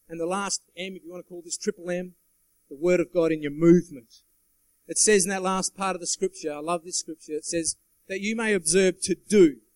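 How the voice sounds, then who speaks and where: An earnest man preaching to a church congregation, his voice sitting high for a man. He drives his points home with emphasis and calls out for the listeners' agreement. The sound is dry and close, with little room echo. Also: a little mellow. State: sweating. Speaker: guest preacher. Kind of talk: sermon.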